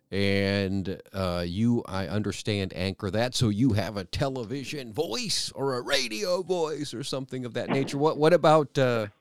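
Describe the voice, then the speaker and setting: A middle-aged male radio host runs a friendly local interview and keeps plugging show times. His voice is smooth and resonant, recorded close and dry in a studio. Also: mid-range voice, dry recording. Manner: chatty, plugs event details.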